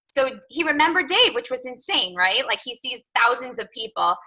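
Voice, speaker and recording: A woman's voice: high-pitched, big pitch swings, moderate pace, pushed and bright, husky, rough recording. A woman in her thirties, a coach telling a personal story on a team call, chatty, with lots of "like" and "right?". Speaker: fitness coach.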